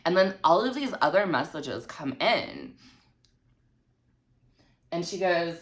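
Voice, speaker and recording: A woman's voice: low-pitched, very animated, measured pace, pauses often. A woman telling a storytime vlog in a snarky, heavily profane way. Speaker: vlogger.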